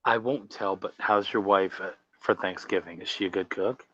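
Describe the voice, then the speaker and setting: A man's voice: low voice, normal speed, pushed and bright, no room sound. A man hosting a podcast over a video call, chatting casually, telling stories and swearing freely. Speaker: podcast host. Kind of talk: casual chat. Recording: dull lo-fi, dry sound.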